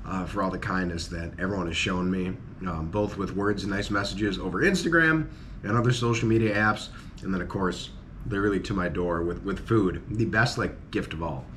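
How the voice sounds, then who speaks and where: A man vlogging as he tastes food, exclaiming excitedly over each dish. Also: low-pitched, moderate pace, a little hiss or hum. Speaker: travel vlogger. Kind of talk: food tasting vlog.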